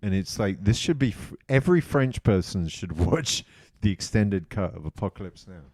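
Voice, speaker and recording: Low-voiced man rambling on a podcast. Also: lively intonation, moderate pace, darkish tone, no room sound, studio quality. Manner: rambling, tangent-prone. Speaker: podcast co-host. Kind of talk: casual chat.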